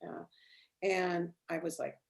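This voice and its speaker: A middle-aged woman with a slightly low voice tells her story in a loose, chatty way. She restarts her sentences, fills the gaps with "um" and "you know," and laughs easily as she talks. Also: little pitch movement, slow pace, gravelly. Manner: rambling, many restarts and fillers, laughs often. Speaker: interview guest, healer. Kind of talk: casual storytelling interview.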